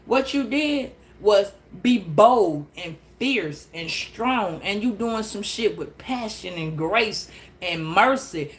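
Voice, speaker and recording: A woman giving a casual tarot reading, blunt and profane, animated and laughing often. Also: fairly high pitch. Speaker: tarot reader.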